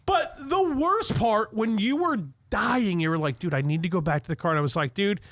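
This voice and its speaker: High-voiced man swearing through a story. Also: fairly quick, dry recording. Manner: profane, animated retelling with quoted rants. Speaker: podcast co-host. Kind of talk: casual storytelling chat.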